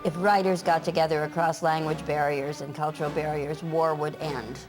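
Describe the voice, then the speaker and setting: A woman with a low voice recounts events in a documentary interview. She is wry and matter-of-fact. Faint music plays behind her. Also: little pitch movement, moderate pace, poor audio.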